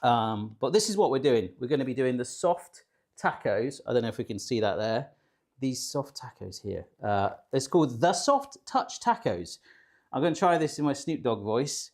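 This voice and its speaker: A British man hosts a live cooking stream in a relaxed, chatty way. He jokes, teases himself and reads out comments from viewers. His voice rises and falls a lot as he talks. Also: medium pitch, normal speed. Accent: British English. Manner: chatty, jokey and self-deprecating, reading viewer comments. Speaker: cooking show host.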